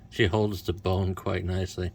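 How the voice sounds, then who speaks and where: A man's voice: low-pitched, flat delivery, a little slow, a little hiss or hum. A man doing casual unboxing commentary as a toy reviewer, with wry, self-mocking asides.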